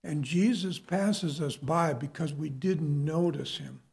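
A man's voice: fairly high pitch, takes it slowly, vocal fry, a little mellow. A man preaching a sermon in an earnest, emphatic way, often addressing his listeners as folks.

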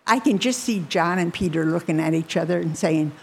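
A woman retelling a Bible story to listeners, bringing the quoted characters to life with lively shifts in her voice. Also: fairly quick, creaky, slightly rough. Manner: animated, voices characters with rising pitch.

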